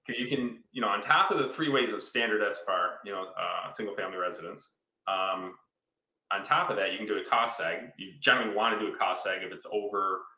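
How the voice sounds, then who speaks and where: Bright-voiced man explaining real estate. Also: lowish voice, a little fast. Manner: enthusiastic, storytelling, explains with repeated "right?". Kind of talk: casual podcast conversation. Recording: roomy echo.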